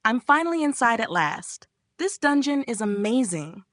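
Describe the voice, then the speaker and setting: A woman's voice: on the high side, very animated, moderate pace, fairly bright tone, dry recording, studio quality, pitched above the performer's own voice. A woman voicing a cocky, teasing young man in a manga recap, with a smug manner.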